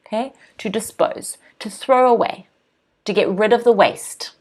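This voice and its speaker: A woman in her thirties teaching an English lesson, repeating words slowly and clearly for pronunciation practice. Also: mid-range voice.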